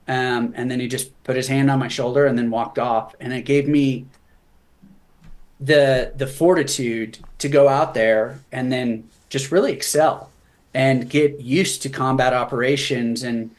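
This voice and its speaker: Man, mid pitch, candid storyteller, earnest with some joking. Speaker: guest, veteran author. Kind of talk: conversational storytelling.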